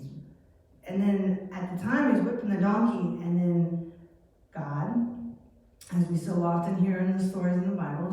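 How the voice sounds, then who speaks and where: A woman teaching a children's Sunday lesson, telling a Bible story in a chatty, animated way. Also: lowish voice. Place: church hall. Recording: echoey hall from far off.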